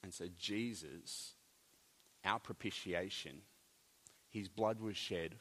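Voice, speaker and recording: A man preaching a sermon, animated, with jokey asides and big swings between loud and soft. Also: deep voice, slow pace, long pauses, slight background noise. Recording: long hall reverb.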